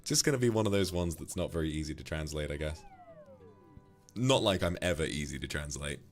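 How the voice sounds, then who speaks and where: Deep-voiced man in affectionate chat. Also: animated, a little fast, faint music behind. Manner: affectionate and teasing, calls viewers darling. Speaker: streamer. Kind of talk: casual chat reading viewer donations.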